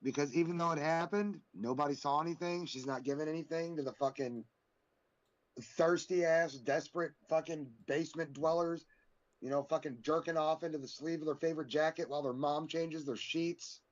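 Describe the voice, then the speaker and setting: Male podcast co-host, heated and profane, higher-pitched voice, lo-fi sound. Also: steady tone, moderate pace. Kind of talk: casual wrestling chat. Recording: dull lo-fi sound.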